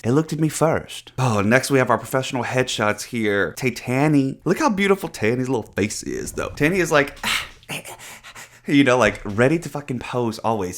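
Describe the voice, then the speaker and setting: A man hosts a casual reaction video, talking through photos in a playful, animated way. He jokes constantly and swears freely, with a voice of ordinary middle pitch.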